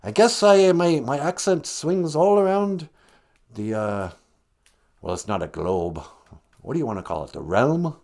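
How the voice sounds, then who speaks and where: A man's voice: fairly high pitch, lively intonation, a little slow, creaky, darkish tone. A man doing the Great Spirit with a lilting brogue. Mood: folksy. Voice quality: lilting put-on brogue, calls her "me daughter". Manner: grandly solemn, folksy sermonizing. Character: Great Spirit, an all-knowing male deity, gently preachy. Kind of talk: improvised comic skit.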